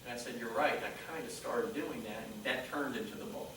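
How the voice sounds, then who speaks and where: A man giving a motivational talk on stage, telling stories and acting out conversations in a lively way. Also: medium pitch, a little fast, noisy background. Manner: animated storyteller quoting dialogue. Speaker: motivational speaker. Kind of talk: live presentation storytelling. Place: conference room. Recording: echoey hall mic from a distance.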